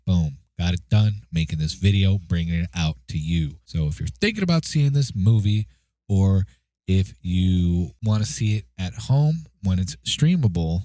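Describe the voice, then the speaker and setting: A man's voice: sits low, dark tone, dry recording. A man giving a casual spoken movie review, chatty and checking in with the listener as he goes. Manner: chatty, keeps asking "okay?" and "right?".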